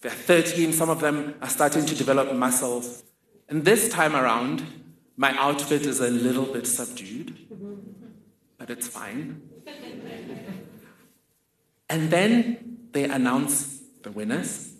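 A man's voice: medium pitch, unhurried, fairly bright tone. A man telling a funny, vivid personal story in a talk. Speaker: speaker. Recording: roomy echoing hall.

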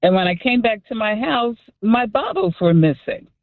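A woman calling in to a radio show, telling a story in a lively way and acting out the people in it. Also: a little high, moderate pace, dry recording. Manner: lively storyteller who acts out the voices. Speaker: caller. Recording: tinny phone line.

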